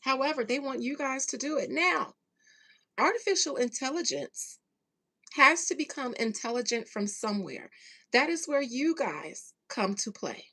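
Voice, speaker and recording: A woman's high-pitched, expressive voice, sharp-toned with a breathy edge, drives a casual rant to her channel's viewers. She's sarcastic and emphatic, drawing out key words, and her speech is slangy with mild profanity.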